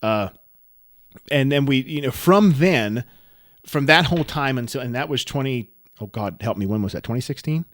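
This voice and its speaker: A man co-hosting a podcast, telling a story in a casual, rambling, self-deprecating way that turns animated. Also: medium pitch, moderate pace, no echo, studio quality. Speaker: podcast co-host.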